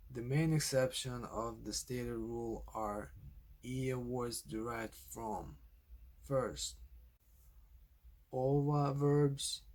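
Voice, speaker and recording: A man narrating a scripted language lesson, speaking slowly and deliberately, carefully spelling out example words. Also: medium pitch. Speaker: language teacher.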